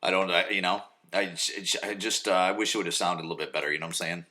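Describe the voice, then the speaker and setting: A man's voice: low-pitched, steady tone, fast talker, pushed and bright, reverberant. A man in his forties hosting a casual solo podcast from his home basement, crude and rambling, swearing freely and full of fillers. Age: 40s. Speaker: podcast host.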